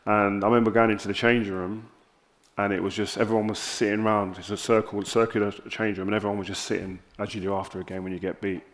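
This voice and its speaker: A man with a South London accent, an interview guest telling candid stories on stage with animated, lively quoted dialogue. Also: fairly low pitch, fast talker. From South London, England.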